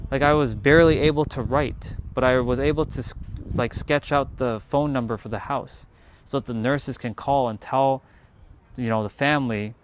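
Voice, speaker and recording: A man's voice: medium pitch, fairly even intonation, normal speed, slight background noise. A man speaking to his live-stream viewers in a casual motivational monologue, earnest and blunt, swearing freely and repeating words for emphasis.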